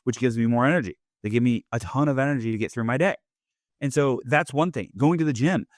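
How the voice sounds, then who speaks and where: A man's voice: medium pitch, fast, no room sound, studio quality. Chatty man hosting a podcast. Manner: loose, chatty, leans on "like" and "right?". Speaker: podcast host. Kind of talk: casual motivational monologue.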